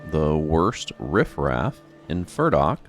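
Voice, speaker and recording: A man's voice: very deep voice, sing-song, takes it slowly, soft background music, exaggerated voice. A man reading out a game's dialogue while voicing a chatty, dramatic townswoman who witnessed a crime. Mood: storytelling. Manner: chatty, dramatic, pious exclamations. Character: gossipy upset townswoman, a witness. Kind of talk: reading game dialogue aloud.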